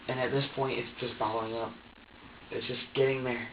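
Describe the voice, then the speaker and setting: A man's voice: medium pitch, level tone, background noise. Man in an echoey interrogation recording. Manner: halting and repetitive, restarting sentences, quoting himself. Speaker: suspect being questioned by police. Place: police interview room. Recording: echoey, distant, dull lo-fi room recording.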